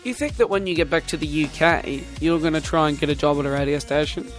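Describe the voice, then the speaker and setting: Jokey radio host. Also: male voice, on the high side, fast talker, music in the background. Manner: jokey, prodding the guest with questions. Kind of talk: casual chat.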